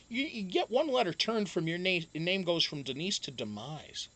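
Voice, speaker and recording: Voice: mid-range voice, animated, moderate pace, fairly bright tone. A livestream host chatting casually and reading viewer comments aloud, swearing freely, joking and laughing often, with frequent ums.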